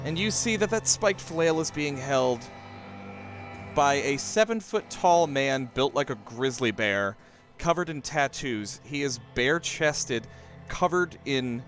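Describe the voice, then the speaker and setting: Unhurried man narrating as game master. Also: mid-range voice, expressive, a bit bright, faint music behind. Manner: unhurried, descriptive narration with fillers.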